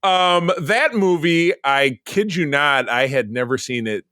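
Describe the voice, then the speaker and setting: A man co-hosting a podcast in casual chat, animated and laughing, with a gravelly voice. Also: on the high side, a little slow, no room sound, studio quality. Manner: animated, laughs often, trails off mid-sentence. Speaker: podcast co-host.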